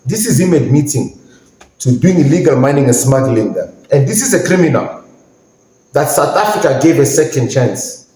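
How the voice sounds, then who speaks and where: A man's voice: medium pitch, big pitch swings, normal speed, mellow. A man hosting a podcast, giving an indignant, emphatic ranting commentary and sometimes searching for words. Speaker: podcast host. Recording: very echoey room.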